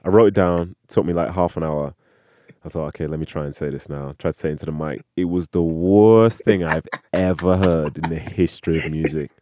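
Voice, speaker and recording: A man chatting casually as a co-host, telling stories with an animated, joking manner. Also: rumbling low, no room sound. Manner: animated, jokey storytelling with quick impressions. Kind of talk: casual chat.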